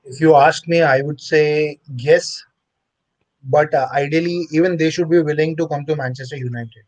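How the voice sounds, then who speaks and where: A man's voice: on the high side, steady tone, a little mellow, no echo, rough recording. A man speaking hesitantly in a casual football chat as co-host. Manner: hesitant, halting.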